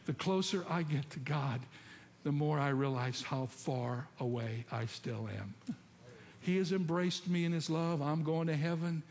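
A man's voice: fairly high pitch, measured pace, darkish tone, slight background noise. Preacher man in a reverberant hall. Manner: storytelling preacher, asks the congregation questions. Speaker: pastor. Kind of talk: sermon. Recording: long hall reverb, faint ambience.

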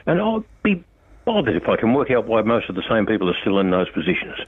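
An older Australian man speaks bluntly and with conviction, calling out an official as he makes his case. His voice is very deep and husky. It comes through a tinny, dry phone line. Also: wildly swooping pitch, fast, dry recording. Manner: blunt, impassioned, addresses an official directly. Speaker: radio guest, road safety campaigner. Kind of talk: on-air phone interview. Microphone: telephone.

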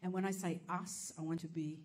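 A woman's voice: fairly low pitch, fairly even intonation, fairly quick, darkish tone. An Australian woman doing stand-up storytelling, brash and sweary, laughing through her punchlines. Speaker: stand-up comedian.

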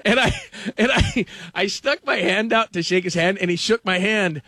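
A man's voice: sits high, expressive, a little fast, vocal fry, pushed and bright, no room sound. A man hosting sports talk radio, telling a story in a rambling, casual way, laughing often and filling with "like".

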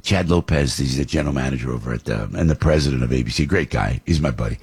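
A deep-voiced man hosts a morning radio show from a studio. He rambles from story to story and acts out the people he quotes, stumbling over restarts. His voice is husky and the sound is dry and close. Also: expressive, quick pace, no room sound. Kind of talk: casual radio talk.

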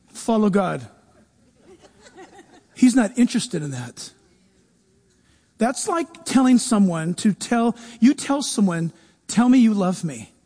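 Man, pastor, sermon, very high voice, humorous asides, long hall echo. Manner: animated preaching with humorous asides.

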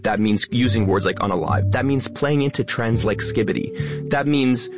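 A man talking quickly as a guest in a radio interview, stressing many of his words to keep listeners engaged. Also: medium pitch, music in the background. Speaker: guest, educational influencer.

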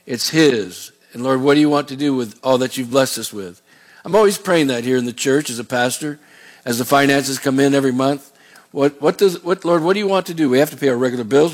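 A middle-aged man preaching a sermon as a pastor, in a conversational way with rambling asides. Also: mid-range voice.

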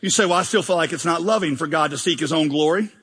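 In a large church hall full of lingering reverb, a man preaching as pastor delivers a spirited sermon, throwing in jokes and acted-out mock prayers. He's a fast talker with a bright, high, slightly husky voice.

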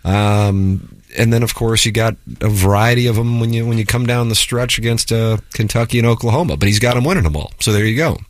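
A man's voice: on the low side, a little fast, hardly any pauses, dry recording. Wry sports radio host, a man. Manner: wry, reads listener texts aloud. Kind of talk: casual sports talk radio.

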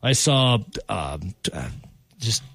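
A man's voice: on the low side, sing-song, slow, a bit bright, slightly rough, no echo. Wry joking male radio co-host. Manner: joking, wry, trailing asides. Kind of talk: casual sports radio banter.

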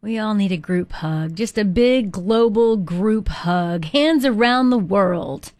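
A woman's voice: medium pitch, expressive, takes it slowly, darkish tone, dry recording. Chatty woman morning show host, upbeat, dry close sound. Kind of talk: live broadcast chat.

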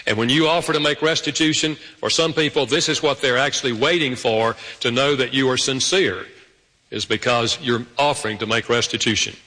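A man preaching a sermon, telling stories with sudden jumps up in pitch. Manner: storytelling with animated pitch jumps. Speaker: pastor. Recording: long hall reverb.

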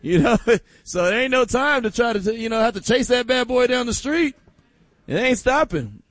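A man hosting a casual sports radio show, animated and joking, taking calls from listeners. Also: very high voice, normal speed, no echo. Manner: animated, joking, breaks into laughter.

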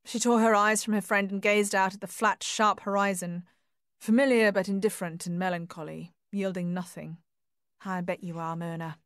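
A woman narrating a novel in a measured, gentle reading voice. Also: mid-range voice, fairly even intonation, no echo, clean studio sound. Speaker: audiobook narrator. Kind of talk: storybook reading.

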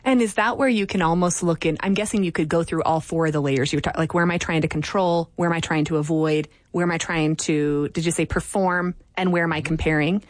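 Low-pitched woman interviewer, dry sound. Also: no echo. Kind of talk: conversational interview.

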